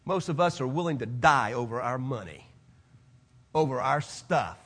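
A man preaching a sermon, swinging from loud declarations to hushed, quiet asides. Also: mid-range voice, expressive, moderate pace, slightly rough.

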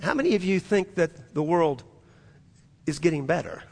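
A man's voice: a little high, expressive, moderate pace, vocal fry, long reverb tail. A man preaching a sermon in a church, emphatic and repetitive, with frequent restarts. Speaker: pastor.

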